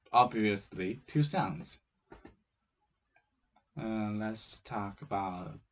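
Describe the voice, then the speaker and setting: A man with a Chinese accent teaching, speaking haltingly with frequent hesitations and restarts. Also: fairly low pitch, animated, breathy edge. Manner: hesitant, many fillers and restarts. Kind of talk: explaining with slow, halting delivery.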